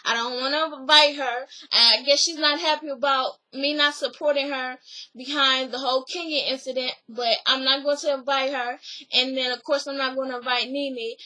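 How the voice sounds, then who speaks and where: Woman, young adult, casual recap vlog, outspoken, profane, high-pitched. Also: steady tone, moderate pace, pushed and bright, low-quality recording. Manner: blunt, chatty, swears freely. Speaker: reality TV recap vlogger.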